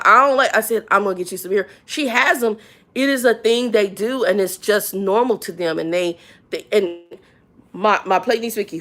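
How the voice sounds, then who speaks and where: On a livestream, a middle-aged woman with a medium-pitched voice chats casually, telling animated, slangy, frank stories about work. When she gets riled her voice jumps up and she starts repeating herself.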